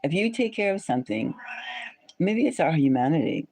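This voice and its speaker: A woman's voice: deep voice, moderate pace, slight background noise. Rambly woman on a live stream, says stuff again and again, voice goes all over the place. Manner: rambling, repeats phrases, animated. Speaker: live stream host chatting with viewers. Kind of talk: casual live-stream chat.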